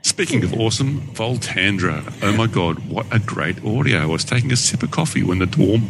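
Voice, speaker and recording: A man co-hosting a gaming podcast, reading a listener email aloud in a chatty, animated way and laughing often, on a noisy call recording. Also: lowish voice, fairly quick, vocal fry. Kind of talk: casual chat.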